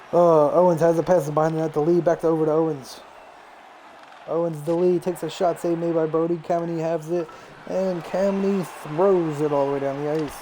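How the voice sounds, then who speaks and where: A man's voice: a little high, slight background noise. A young man calling live play-by-play of a video game hockey match on a stream, running through passes and saves and lifting his voice on shots and goals. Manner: rapid play-by-play, rising excitedly on shots and goals. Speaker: play-by-play commentator.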